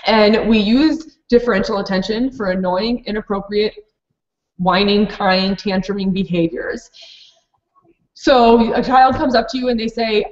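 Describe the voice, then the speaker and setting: A woman's voice: medium pitch, normal speed, reverberant, highs cut off. A woman who runs a preschool program, presenting a live online training for teachers in a practical, explanatory way with many fillers and restarts.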